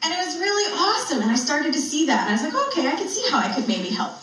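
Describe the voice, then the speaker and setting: Racing through a humorous spiritual story, a woman speaker chats and laughs frequently between lines. Her high, slightly bright voice swoops wildly in pitch. A distant mic in a very echoey room captures her.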